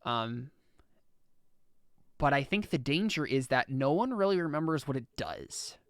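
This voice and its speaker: Rambling young game master, smooth voice. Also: male voice, medium pitch, lively intonation, measured pace, no echo, studio quality. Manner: rambling, full of "like" and "um" restarts. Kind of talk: narrating a tabletop game.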